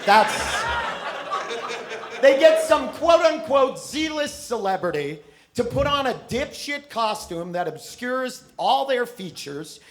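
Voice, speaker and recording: A man doing a stand-up set in a theater, loud and mocking, swearing and acting out voices. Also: extremely high pitch, very animated, slow pace. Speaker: stand-up comedian. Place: theater stage before a live audience. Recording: echoey live theater recording with noise.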